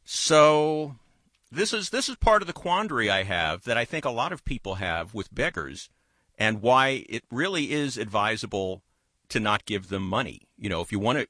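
A man's voice: medium pitch, bright, forceful tone, no echo. A man hosting a call-in talk radio show, chatting in a loose, digressive way into a studio microphone.

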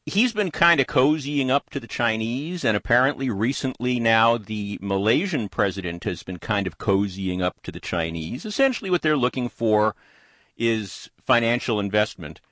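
Lively-voiced male talk radio host. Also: mid-range voice, no room sound, clean studio sound. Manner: measured, plain-spoken commentary.

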